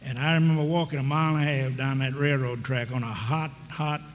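An older man preaching a storytelling sermon in a folksy, halting way, full of restarts. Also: mid-range voice, fairly even intonation. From American South. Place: large church hall with audience. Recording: long reverb of a big hall, faint background noise.

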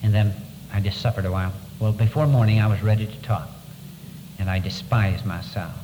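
A man giving a first-person testimony to an audience, telling his story in an earnest, halting way, his voice sinking low at the hardest moments. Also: in a large hall, noisy background. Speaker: former prisoner of war giving testimony.

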